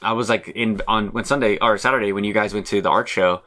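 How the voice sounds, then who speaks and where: A man's voice: on the low side, steady tone, fast, bright, forceful tone. A man in his thirties co-hosting a podcast, chatting casually and teasing his friend with a rambling, joking manner. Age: 30s. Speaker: podcast co-host. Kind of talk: casual chat.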